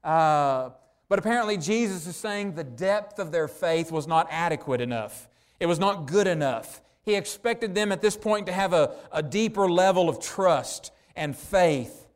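High-voiced man preaching earnestly. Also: animated. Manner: earnest preaching, slows down for emphasis. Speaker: pastor. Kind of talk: sermon.

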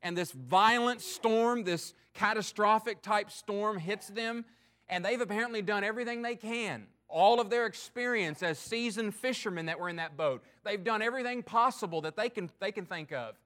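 A man with a high-pitched voice delivers a sermon to a congregation. He preaches earnestly and emphatically, pushing some points hard and letting others drop low and slow. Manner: earnest, emphatic preaching with swings in loudness and pace. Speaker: pastor.

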